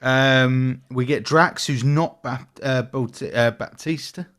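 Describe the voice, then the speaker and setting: A man's voice: mid-range voice, steady tone, slow, a bit bright. A British man co-hosting a podcast, chatting casually, swearing freely and often stumbling and restarting mid-sentence. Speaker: podcast co-host. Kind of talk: casual chat.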